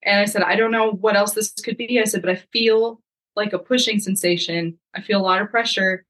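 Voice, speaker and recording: A young woman, a podcast guest, telling a story in a lively, casual way and acting out the lines of the people in it. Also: medium pitch, a little fast, rough recording. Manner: lively, acts out quoted dialogue.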